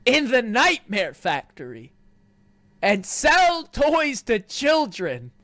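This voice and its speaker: Man mocking a grandiose mad-scientist toymaker, lively swooping pitch, smug. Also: takes it slowly, dry recording, full character voice. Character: smug mad-scientist toy company founder, male.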